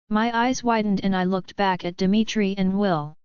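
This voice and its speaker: A woman reading a romance audiobook in steady first-person narration. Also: mid-range voice, normal speed, clean tone, no room sound, lo-fi sound.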